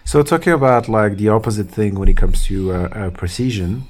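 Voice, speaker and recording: A man's voice: lowish voice, animated, a little fast, a crowd in the background. A man with a French accent, a podcast co-host telling a story in casual chat, full of fillers and restarts.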